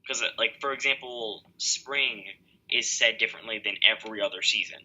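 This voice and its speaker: A man's voice: fairly low pitch, fairly quick, sharp tone, highs cut off. A young man co-hosting a podcast over a video call, chatting casually and rambling with lots of fillers and restarts. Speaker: podcast co-host. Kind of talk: casual chat.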